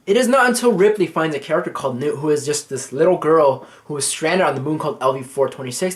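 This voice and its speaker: A man casually reviewing a movie, swearing freely as he retells scenes. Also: on the high side. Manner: casual and profane, acting out scenes.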